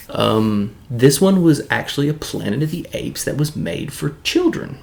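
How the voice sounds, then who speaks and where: A man's voice: mid-range voice, creaky, a little mellow. A man from Tennessee with a Southern accent, giving a rambling, casual video review with lots of fillers and restarts.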